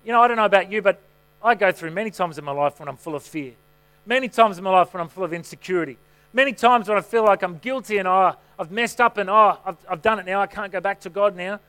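A man's voice: sits high, quick pace, fairly bright tone, smooth. A middle-aged man, a pastor, preaching a sermon in a conversational way, telling stories that poke fun at himself. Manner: conversational, self-mocking storytelling.

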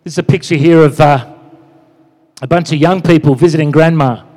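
A man preaching in a church, his voice a touch high and ringing out with a long hall reverb. He keeps it chatty, peppering his sermon with "you know" and calls of "amen?". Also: fairly even intonation, brisk, a little mellow. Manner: conversational, frequent "you know" and "amen?" asides. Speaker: pastor.

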